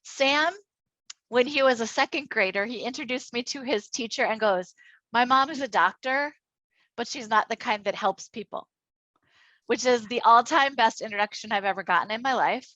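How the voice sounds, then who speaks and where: A middle-aged woman from Minnesota leading an online workshop on inclusive education, enthusiastic and chatty with quick asides. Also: fairly high pitch, bright, forceful tone, no echo, dull audio. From Minnesota, United States. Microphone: computer mic on a video call.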